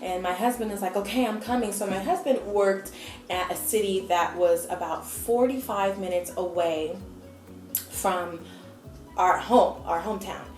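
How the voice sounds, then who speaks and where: A woman's voice: medium pitch, measured pace, soft background music. Chatty young woman telling a story. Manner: chatty, animated, acts out quotes. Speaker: vlogger. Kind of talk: casual storytelling. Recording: echoey room.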